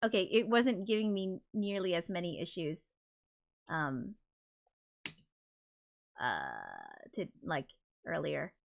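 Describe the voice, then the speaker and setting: A woman's voice: on the low side, sing-song, slow pace, creaky, long pauses, a little hiss or hum. A woman hosting a casual livestream, flustered and apologetic as she talks, swearing under her breath. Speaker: livestream host.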